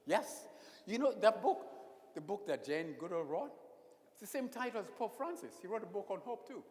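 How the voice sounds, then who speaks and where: Lively priest preaching in an echoey church. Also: male voice, high-pitched, normal speed. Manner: expressive preacher, drops to whispered prayers. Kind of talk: sermon. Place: church sanctuary.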